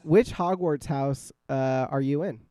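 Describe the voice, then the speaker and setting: A man hosts a casual podcast, joking and swearing easily. His voice is warm and dark with a smooth, clean tone. It is recorded close, with a dry sound. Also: medium pitch, unhurried, no room sound. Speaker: podcast host. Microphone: scarf-wrapped microphone.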